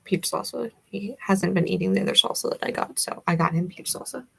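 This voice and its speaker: A young Southern woman hosts a livestream, rambling casually as she answers her viewers' comments. Her voice sits low and carries a gravelly fry. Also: brisk, rough recording. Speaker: livestream host.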